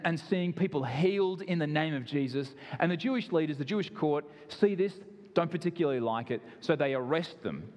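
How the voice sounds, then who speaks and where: A man's voice: mid-range voice, a little mellow, long reverb tail. A man with an Australian accent, preaching a sermon in an earnest, conversational way with self-deprecating asides. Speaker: pastor.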